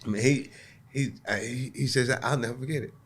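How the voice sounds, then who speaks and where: A male comedian sits in as a podcast guest and unspools a personal story. He talks in an animated way, doubling back on his words and acting out the people he quotes. His voice sits at an ordinary middle pitch for a man. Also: fairly quick, husky. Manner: animated, repeats words at restarts, acts out voices. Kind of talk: storytelling anecdote. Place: podcast recording.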